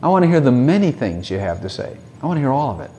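A man preaching in an easy, conversational way, asking his listeners rhetorical questions and slipping into mocking voices now and then. His pitch sits at an ordinary middle level. A faint hum runs under the recording. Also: sing-song, racing, dark tone. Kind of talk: sermon.

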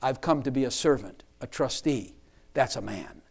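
A man's voice: medium pitch, lively intonation, moderate pace, gravelly, slightly rough. A man preaching a sermon to his church, emphatic, repeating and rephrasing lines for stress.

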